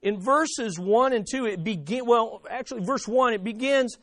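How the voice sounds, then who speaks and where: A man with a high voice preaches to his congregation, pausing to ask them questions and hammering key words through repetition. The sound is dry and close, with no room around it. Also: fairly bright tone, dry recording. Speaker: pastor. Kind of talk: sermon.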